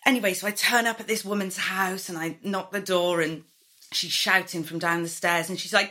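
A Welsh woman in her thirties, a comedy writer chatting casually and telling animated stories, swearing freely and acting out other people's voices. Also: lowish voice, moderate pace. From Wales. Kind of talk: casual chat.

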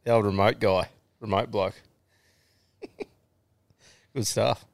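A man's voice: on the low side, fairly even intonation, slow pace, vocal fry, no room sound, clean studio sound. A male podcast co-host chatting in casual, sweary banter and laughing often.

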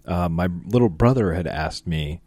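A man's voice: deep voice, darkish tone. A young man co-hosting a casual podcast, teasing his friends and laughing easily. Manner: teasing and playful, quick to laugh. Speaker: podcast co-host. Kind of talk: casual chat.

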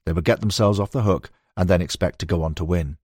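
A man reading a nonfiction book aloud in a measured, storytelling manner. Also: sits low, a little mellow, slightly rough, dry recording, clean studio sound. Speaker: audiobook narrator. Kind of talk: scripted nonfiction narration.

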